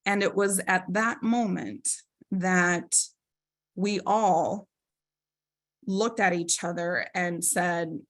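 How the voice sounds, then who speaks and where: A woman's voice: fairly low pitch, fairly even intonation, slow pace, long pauses. A woman presenting a webinar, telling a personal story in an earnest, reflective way, with many fillers and tag questions. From Minnesota. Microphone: video call microphone.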